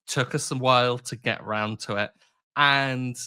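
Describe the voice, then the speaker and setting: A man's voice: mid-range voice, steady tone, moderate pace, sharp tone, clear, resonant tone. A man co-hosting a podcast in casual chat, wry and self-mocking. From England. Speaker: podcast co-host.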